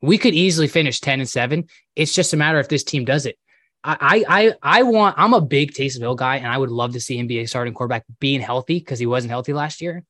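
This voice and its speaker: Fast-talking frustrated sports fan man. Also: medium pitch, a bit bright, no echo, clean studio sound. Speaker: sports podcast co-host. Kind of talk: casual chat.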